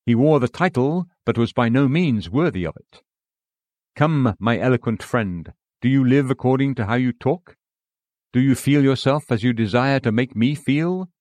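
A man's voice: medium pitch, lively intonation, normal speed, a little mellow, no echo. A man reading an old sermon aloud in an earnest, pleading, emphatic manner. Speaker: preacher.

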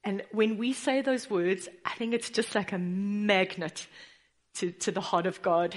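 A woman preaching a sermon in an earnest way, rising to firm declarations and dropping to soft, pleading tones. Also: medium pitch, moderate pace.

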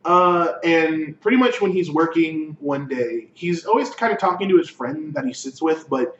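Casual, slightly high man in an echoey room. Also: lively intonation, fairly bright tone. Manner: casual, acts out characters' lines in quick asides. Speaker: podcast co-host. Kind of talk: casual chat recapping an anime. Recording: echoey, distant, dull lo-fi room mic with faint noise.

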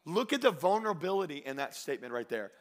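A man preaching a sermon, moving between loud exhortation and quiet storytelling, drawing out key phrases slowly. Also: a little high, big pitch swings. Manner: slows down and stretches phrases for emphasis. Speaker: pastor.

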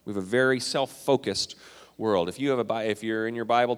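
A man from Minnesota and Canada preaching a sermon in a conversational style, swinging between loud emphasis and quiet asides. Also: fairly low pitch, quick pace. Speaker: pastor. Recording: long hall reverb.

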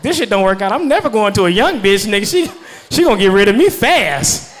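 A man in his thirties performs a stand-up set, loud and profane, laughing at his own jokes along with the audience. His voice is high-pitched, swings widely in pitch, and moves fairly quickly.

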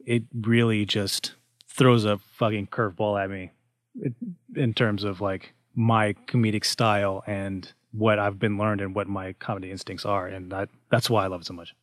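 Here a man with a lowish, flat voice talks at normal speed in a dry, studio-quality recording. Co-hosting a laid-back comedy podcast panel, he rambles, restarting often and leaning on fillers.

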